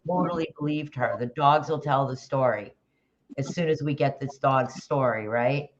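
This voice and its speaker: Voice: mid-range voice, moderate pace, dull audio, slight background noise. A livestream host chatting casually about a case, rambling with restarts and greeting viewers in the chat by name.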